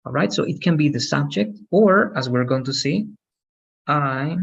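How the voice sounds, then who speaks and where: A man's voice: on the high side, animated, normal speed, creaky, dull audio, a little hiss or hum. A man teaching English grammar one-on-one, explaining patiently and checking for understanding with frequent "okay?".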